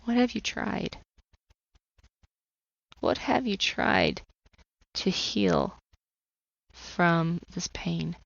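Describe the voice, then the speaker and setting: A woman voicing a gentle, loving male divine voice that speaks softly and calmly. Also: lowish voice, measured pace, creaky, pauses often, dry recording. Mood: tender. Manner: soft, tender and calm. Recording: slightly muffled dry recording.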